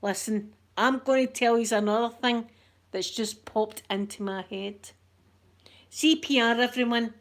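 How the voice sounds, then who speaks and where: A middle-aged Scottish woman hosting a soft-spoken ASMR vlog, chatty and rambling, with local words like wee and yous. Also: fairly high pitch, measured pace. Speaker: ASMR channel host.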